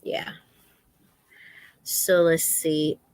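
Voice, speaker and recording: Woman host for a casual crafting livestream, slow and unhurried, rambling and faith-filled, dry close sound. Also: sits low, level tone, darkish tone, no room sound. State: in pain, resting a sore foot.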